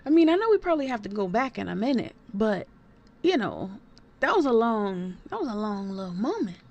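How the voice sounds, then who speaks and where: A woman playing a game for the first time, reacting excitedly and reading dialogue aloud between her comments. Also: medium pitch, a little fast, muffled recording. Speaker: gaming video creator. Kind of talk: let's play commentary.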